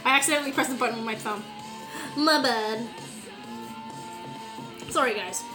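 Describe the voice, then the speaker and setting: A woman's voice: on the high side, moderate pace, music in the background. A woman from Canada chatting casually to her viewers on a home live stream, rambling with fillers and the odd swear word. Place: home, indoors.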